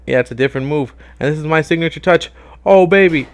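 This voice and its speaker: A young man giving casual gameplay commentary as a YouTuber, excitable, swearing and yelling at the game. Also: a little high, quick pace. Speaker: gaming YouTuber.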